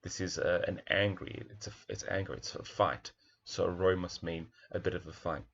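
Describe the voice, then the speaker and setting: A man's voice: low voice, fairly even intonation, normal speed, creaky, fairly bright tone, dull audio. A male primary teacher talking through a children's picture book, reflective, with many fillers and restarts.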